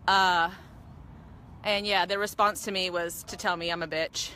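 Filming a confrontation on her handheld phone in an outdoor parking lot, a woman sounds shaken and pleading in this phone-video rant. Her voice is fairly low, bright and forceful, with fairly even intonation and a slightly slow pace. There's a little hiss or hum.

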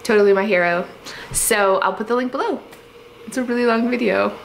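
A woman's voice: fairly high pitch, a little fast, creaky, slight background noise. A woman from Canada, host of a home organizing vlog, telling a story in a chatty, rambling way with many fillers and giggles.

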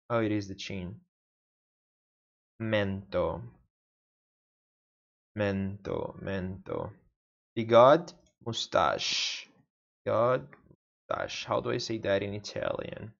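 Portuguese-native man, very slow, repetitive self-study drills; dull lo-fi home recording. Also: lowish voice, big pitch swings, gravelly. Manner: repeats words aloud over and over, mutters to himself. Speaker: language learner. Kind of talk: casual self-study practice.

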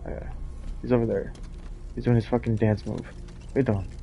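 A man's voice: fairly low pitch, fairly even intonation, fairly quick, gravelly, highs cut off. A male streamer narrates a horror game live in a jittery, swear-heavy voice. He talks himself through each scare under his breath. Faint noise sits behind him. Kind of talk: live gameplay commentary.

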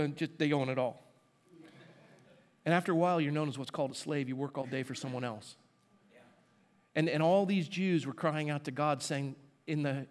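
A man preaching a sermon in a conversational way, asking the congregation rhetorical questions and making asides. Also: on the high side. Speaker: pastor.

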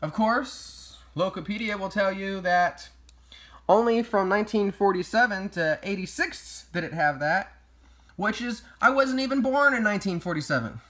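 A man's voice: sits high, moderate pace, sharp tone. A man delivering sarcastic, mock-outraged comedic commentary as a vlogger. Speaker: YouTube vlogger.

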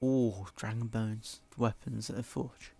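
A young man streaming a game with friends, swearing, laughing and shouting in excitable outbursts. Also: lowish voice, a little slow, creaky, slightly rough, no echo. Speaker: gaming streamer. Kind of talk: casual gameplay commentary with friends.

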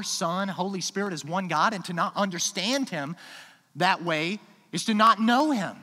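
Male pastor, high lively voice, long church reverb, emphatic sermon delivery. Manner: emphatic, swings from quiet asides to loud declarations. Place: church sanctuary.

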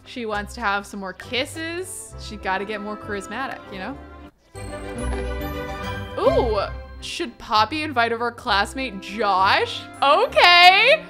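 A young woman chatting through a life-sim game session, bubbly and quick to gush and laugh over what her characters do. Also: medium pitch, expressive, music in the background. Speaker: gaming YouTuber. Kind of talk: Sims gameplay commentary.

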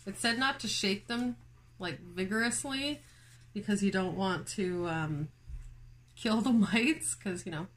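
Female vlog host, easygoing chatty delivery with fillers and laughs, slow pace. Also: medium pitch. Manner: chatty, filler-heavy, giggly, talks to viewers. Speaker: plant channel host. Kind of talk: casual chat vlog. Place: home, indoors.

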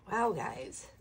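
A woman giving an intuitive tarot reading to her viewers, earnest and heartfelt, emotional and sighing often. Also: a little hiss or hum. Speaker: tarot reader.

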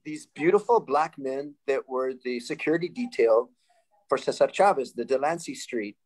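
A man in his sixties from Sacramento, California, telling lively stories as a panel guest, laughing and restarting often. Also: mid-range voice, normal speed, rough recording. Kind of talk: casual storytelling.

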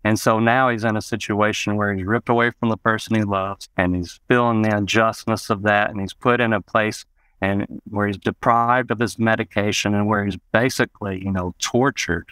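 Man telling memories, low voice. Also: steady tone, moderate pace, a bit bright, clear, resonant tone, no room sound. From Arkansas, US. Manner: rambling, many "you know" asides. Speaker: guest. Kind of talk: personal storytelling in an interview.

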